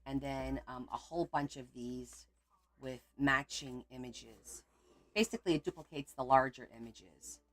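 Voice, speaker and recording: This crafting channel host speaks in a bass voice and keeps a measured pace. Sitting at her craft table at home, she talks in a loose, casual way, punctuated by exasperated outbursts.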